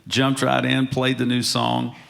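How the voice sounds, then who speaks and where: A man telling lively stories as a panel guest on a museum stage, often laughing as he gets to the punchline. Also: mid-range voice, measured pace, vocal fry. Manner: storytelling, laughs through punchlines. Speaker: panel guest, country singer. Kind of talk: animated anecdote telling.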